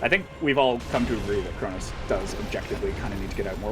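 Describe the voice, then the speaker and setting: A man's voice: fairly low pitch, racing, music in the background. A man livestreaming and reading chat, rambling casually with wry, profane humor and lots of fillers.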